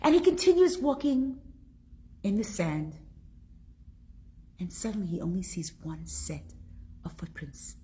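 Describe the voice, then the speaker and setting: A woman leading a live online religious class. She reads viewers' comments aloud and talks with emotion, rising high with excitement and sinking to near-whispers. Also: a little slow, pauses often, husky.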